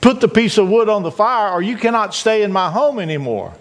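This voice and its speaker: A man's voice: high-pitched, sing-song, a little fast, voice pushed up. A preacher voicing a stern older father. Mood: stern commanding. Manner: commanding, insistent. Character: stern widowed father, older man, firm.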